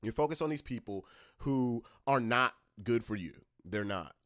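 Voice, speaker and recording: A man hosting a casual podcast, talking bluntly and with swearing, moving between calm talk and loud, heated ranting. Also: mid-range voice, moderate pace, no room sound, studio quality. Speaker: podcast host.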